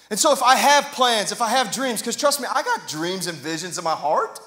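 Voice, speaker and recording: A man's voice: high voice, animated, normal speed, hardly any pauses, bright, forceful tone. A man preaching a sermon in a church, conversational and joking, then rising to passionate emphasis. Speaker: pastor. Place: church sanctuary. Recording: echoey hall reverb.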